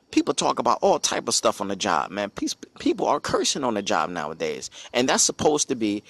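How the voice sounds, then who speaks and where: A man's voice: medium pitch, fairly bright tone, dry recording. A man from the United States giving an impassioned spoken commentary, emphatic and repetitive, often putting rhetorical questions to his listeners. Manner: emphatic, repeats phrases, asks rhetorical questions. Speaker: speaker on a religious channel.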